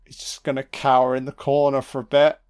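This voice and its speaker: A man's voice: mid-range voice, monotone, brisk, darkish tone, clear, resonant tone. A man giving a sarcastic, profanity-laced audio commentary while watching a film. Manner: sweary, sarcastic, reacting live.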